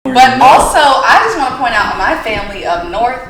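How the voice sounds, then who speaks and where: A woman's voice: fairly high pitch, normal speed. Laughing southern woman, far off mic. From American South. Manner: laughing, animated storytelling. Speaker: podcast co-host. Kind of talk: casual chat. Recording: echoey room, off-mic, noisy.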